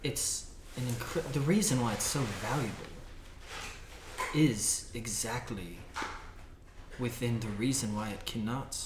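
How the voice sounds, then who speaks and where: A man voicing a stern elderly noblewoman and grandmother in a tabletop game, speaking in a measured, formal way. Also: mid-range voice, natural voice. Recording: echoey room with background noise.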